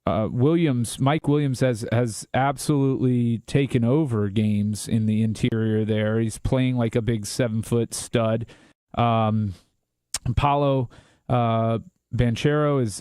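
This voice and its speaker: A man's voice: mid-range voice, warm tone, no echo, studio quality. A man co-hosting a sports talk show, giving confident, opinionated predictions in casual chat.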